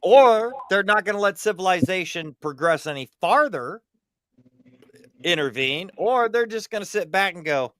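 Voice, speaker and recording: A man's voice: high voice, expressive, normal speed, fairly bright tone, no room sound. A man chatting casually as a stream host, rambling and swearing freely. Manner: rambling, profane, puts on goofy alien voices mid-story. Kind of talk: casual chat.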